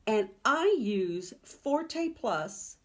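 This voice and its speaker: A woman's voice: medium pitch, sing-song, extremely slow. A woman piano teacher giving a teaching webinar in a chatty, emphatic way, often checking in with "okay?" and "right?".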